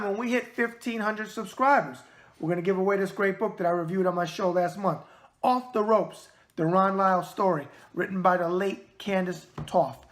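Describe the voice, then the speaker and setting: A man's voice: sits high, sharp tone. A man with a New York accent hosting a casual mailbag video show, talking in a brash, wisecracking way and repeating catchphrases. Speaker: show host.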